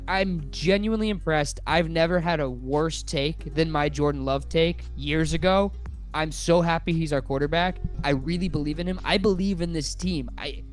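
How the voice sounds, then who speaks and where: A man co-hosting a sports podcast, talking in an excited, rambling way as a fan. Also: on the high side. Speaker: podcast co-host. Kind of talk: casual sports chat.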